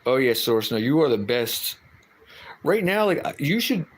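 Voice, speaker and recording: Hosting a livestream, a man reads viewer comments aloud and responds in a rambling, hesitant, casual manner, often using fillers and restarting. His medium-pitched voice is sing-song and moves at a normal speed, captured in a low-quality recording.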